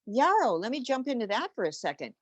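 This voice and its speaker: A woman's voice: fairly high pitch, sing-song, fast talker, dry recording, muffled recording. Gushing, rambling woman on a podcast. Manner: enthusiastic, rambling, exclaiming. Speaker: animal flower essence practitioner. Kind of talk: casual podcast explanation.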